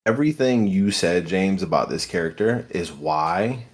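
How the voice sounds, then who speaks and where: A man's voice: low-pitched, expressive, normal speed. A man on a movie podcast giving emphatic, opinionated takes. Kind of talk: casual movie-discussion chat.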